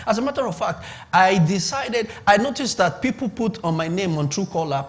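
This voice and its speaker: A man's voice: sits high, very animated, fairly quick. A middle-aged Nigerian man preaching a sermon on business, emphatic and repetitive, checking in with his audience. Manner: emphatic, repeats points and asks the audience to confirm. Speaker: pastor.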